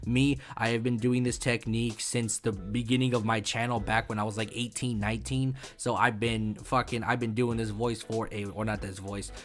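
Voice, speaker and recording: A man's voice: on the low side, little pitch movement, normal speed, few pauses, faint music behind. A man in his twenties hosting a casual gaming tutorial, rambling and profane, with frequent stumbles and fillers. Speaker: YouTube gaming host.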